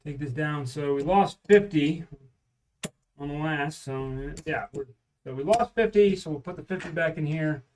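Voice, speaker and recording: A man's voice: a little high, normal speed, darkish tone, recorded from a distance. A man casually chatting on a live stream at home while practicing craps, calling out rolls and bets.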